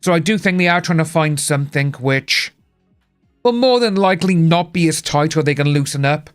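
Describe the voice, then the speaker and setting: A man's voice: a little high, moderate pace, clean tone, faint music behind. A young British man chatting casually on a live stream, rambling and greeting viewers by name. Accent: British English. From United Kingdom.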